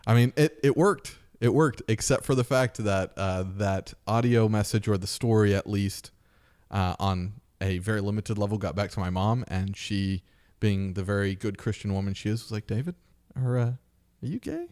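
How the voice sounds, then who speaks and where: Low-voiced man telling a story casually. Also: moderate pace, smooth. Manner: animated storyteller acting out quoted voices. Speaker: podcast host.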